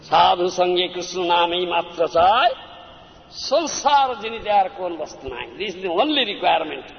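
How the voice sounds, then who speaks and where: A man delivers a devotional sermon, urging his listeners and pausing to ask if they understand. His voice is high and gravelly, swinging widely in pitch. The old lo-fi recording carries a long hall echo. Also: very animated. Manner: exhorting, keeps checking listeners with "Huh? Understand?". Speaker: spiritual teacher.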